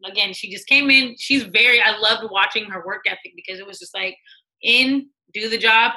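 A bright-voiced American woman, a music executive appearing as a guest, tells stories in a casual interview, medium-pitched and at a moderate pace. She's animated, acts out quoted voices, and laughs often, though the audio is poor.

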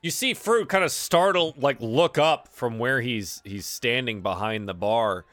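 Bright-voiced man running a tabletop game. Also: medium pitch, a little slow, no room sound. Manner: relaxed, chatty, with fillers and laughs. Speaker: game master.

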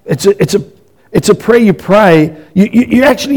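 Gravelly high-voiced impassioned preacher man. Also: expressive, moderate pace. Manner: impassioned, swinging between loud and hushed; repeats and restarts words. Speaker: pastor. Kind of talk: sermon.

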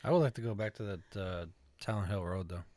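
A woman's voice: a bass voice, dark tone, no echo. A woman in casual chat, cutting in with teasing jokes and playful suggestions. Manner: teasing, quick joking interjections.

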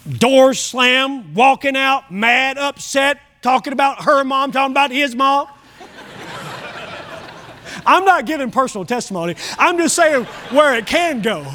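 A male pastor delivers his sermon in a notably high voice. His manner is folksy and emphatic, speaking plainly to the congregation and acting out prayers. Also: animated, measured pace, pushed and bright.

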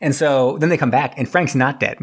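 A man telling a film's plot in a loose, rambling way at a middle pitch. He jumps into little character voices as he goes, keeping it chatty and playful. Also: breathy edge. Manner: rambling, acts out characters in quick funny voices. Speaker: podcast host recapping a movie. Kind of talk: casual movie recap chat.

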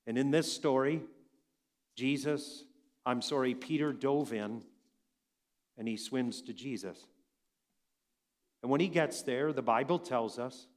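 A man preaching a sermon, swinging between loud emphatic passages and quiet hushed lines. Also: medium pitch. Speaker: pastor.

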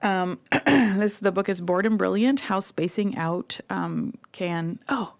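A woman's voice: mid-range voice, slow pace, no room sound. A woman co-hosting a casual chat show, talking about books in a rambling, chatty way with many fillers and restarts. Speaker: podcast co-host recommending books.

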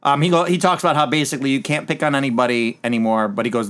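A man co-hosting a casual chat who acts out quotes with an animated, raised voice. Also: mid-range voice, very fast, clear, resonant tone. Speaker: podcast co-host.

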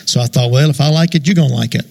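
In a church sanctuary, a guest preacher gives a folksy, loose sermon that includes a told joke, scattering fillers and amens throughout. His mid-range voice is creaky and darkish, and he talks very fast.

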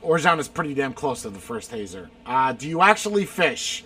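A man fires back quick answers in a loose, casual chat, his voice high and very lively. He swears freely and breaks into shouts and laughs. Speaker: streamer answering rapid-fire questions. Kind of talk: casual chat, lightning round.

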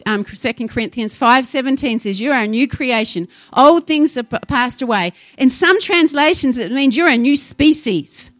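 A woman's voice: high voice, animated, normal speed, hardly any pauses, no echo. A woman preaching a sermon, fervent and exhorting, rising into urgent appeals to her congregation.

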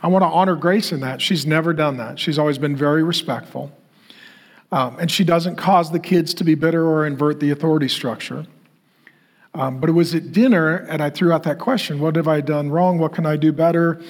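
A man's voice: a little high, fairly even intonation, brisk. A middle-aged man preaching a sermon, telling a personal story and then building to emphatic repeated questions. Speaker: pastor.

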